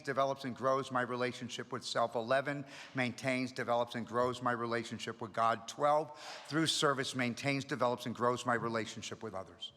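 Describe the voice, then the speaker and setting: A man's voice: mid-range voice, pushed and bright. A middle-aged man speaking at a recovery meeting, telling his story with energy and humor. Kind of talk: storytelling talk to an audience. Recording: long reverb of a hall.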